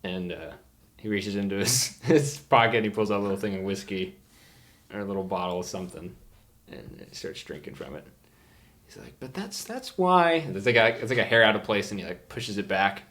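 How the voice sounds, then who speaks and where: A man's voice: sits low, a bit bright. A man narrating as game master in a casual, stumbling way. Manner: casual, stumbling, quick to laugh.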